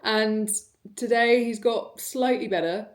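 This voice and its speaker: A woman's voice: fairly high pitch, slow pace. A young British woman, an online fitness coach, chatting casually and rambling in a day-in-the-life vlog, swearing now and then.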